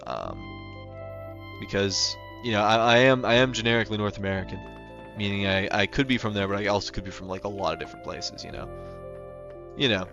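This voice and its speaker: A man's voice: lowish voice, fairly bright tone. A young man chatting casually on a livestream, rambling with lots of fillers and restarts. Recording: dull lo-fi sound with faint music behind.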